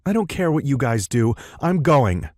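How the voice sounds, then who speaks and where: A man's voice: mid-range voice, normal speed, darkish tone, dry recording, studio quality, pitched above the performer's own voice, close to an everyday voice. A man voicing a tall, determined brunette woman in an audiobook, blunt and defiant.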